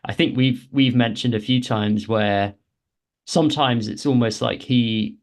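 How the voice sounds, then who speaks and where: A man's voice: mid-range voice, steady tone, a little slow. A man co-hosting a podcast, explaining game lore in a casual, hesitant way, often restarting his phrases. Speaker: podcast co-host.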